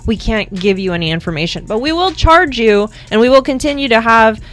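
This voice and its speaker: A woman guesting on a podcast who explains things calmly in a casual chat. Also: a little high, fairly quick.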